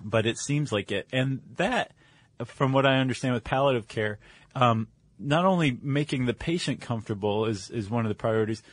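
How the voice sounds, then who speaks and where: A man's voice: mid-range voice, moderate pace, no room sound. A man co-hosting a podcast, explaining in casual chat with fillers and restarts. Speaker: podcast co-host.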